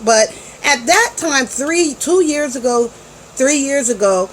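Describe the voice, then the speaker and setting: Woman in her forties, fairly high voice, slangy and chatty, telling a family story to camera over faint room noise. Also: expressive, a little slow, a bit bright, rough recording. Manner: chatty and slangy, with frequent restarts. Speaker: parent vlogger.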